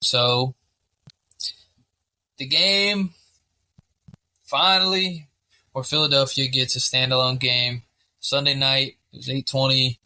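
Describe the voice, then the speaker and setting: A man's voice: medium pitch, slow pace, pauses often. A man co-hosting a sports podcast, talking casually with lots of swearing and rambling. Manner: profane, rambling, excitable. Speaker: podcast co-host.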